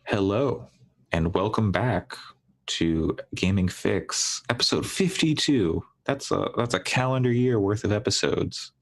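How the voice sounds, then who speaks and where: Podcast host, male, deep gravelly voice, dry humor. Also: expressive, unhurried. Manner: dry, teasing. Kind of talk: casual gaming podcast chat.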